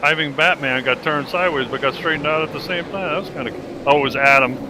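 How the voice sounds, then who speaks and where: A man co-commentating a sim race casually, excitable, exclaiming and repeating his words. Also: a little high, fast, heavy background noise.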